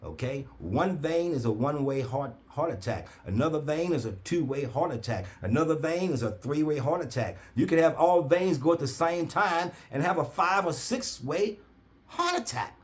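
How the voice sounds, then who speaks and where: A man telling an animated story, his pitch rising and falling widely. He speaks in a repetitive, preacher-like cadence. He acts out the other people in his story with sudden high, loud bursts. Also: normal speed, hardly any pauses. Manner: acts out quoted voices with big pitch jumps. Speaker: herbal oil seller.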